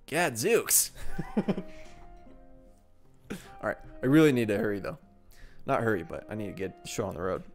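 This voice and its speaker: A man's voice: on the low side, sing-song, normal speed, long pauses, soft background music. Giggly man doing game commentary. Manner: giggly, playful, self-deprecating. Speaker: let's play host. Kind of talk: gaming commentary.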